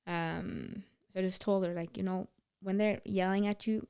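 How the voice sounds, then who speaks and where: Female podcast co-host with a smooth, resonant voice and a frank, advice-giving manner. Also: medium pitch, fairly even intonation, normal speed, warm tone. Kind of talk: casual conversational podcast.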